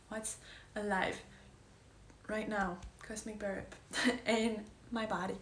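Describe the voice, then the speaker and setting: A woman's voice: mid-range voice, level tone, measured pace, roomy sound, a little hiss or hum. A woman coach talking earnestly in a casual heartfelt monologue, pressing her points and sometimes sinking to a whisper. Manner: earnest, emphatic, drops to whispers. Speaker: wellness coach.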